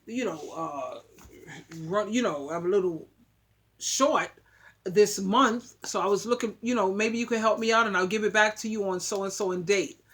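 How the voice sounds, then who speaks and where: A woman's voice: mid-range voice, a bit bright, pitched below the performer's own voice, lightly acted. Woman doing a mumbling man short on cash. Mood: sheepish. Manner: hesitant, mumbling, halting. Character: man sheepishly asking a friend for a loan.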